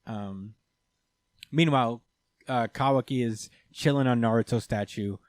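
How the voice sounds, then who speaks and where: A man with a medium-pitched voice talks unhurriedly in a dry, studio-quality recording. As a podcast co-host, he gives a loose, rambling recap of an anime episode, packed with fillers, in casual chat.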